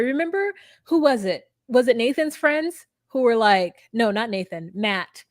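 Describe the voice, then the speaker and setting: A woman's voice: high-pitched, animated, normal speed, dry recording, studio quality. A young woman co-hosting a podcast, recapping casually, laughing often and mimicking people she quotes. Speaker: podcast co-host. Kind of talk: casual reality-TV recap chat.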